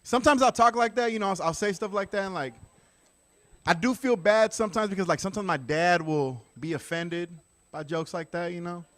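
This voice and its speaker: A man's voice: high-pitched, a little fast, dry recording. Man comic with a raised, easy voice. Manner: conversational, deadpan punchlines, many asides. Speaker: stand-up comedian. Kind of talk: stand-up set.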